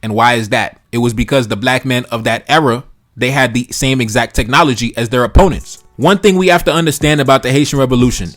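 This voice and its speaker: A man's voice: mid-range voice, fast talker, fairly bright tone, faint music behind. A man giving an opinionated history commentary in colloquial speech, with emphatic delivery and sarcastic rhetorical questions.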